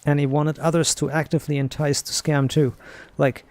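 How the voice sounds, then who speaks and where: A man's voice: a little high, little pitch movement, a little fast, a little mellow. A young man streaming a game, rambling through a story with casual swearing. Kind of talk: casual gaming chat.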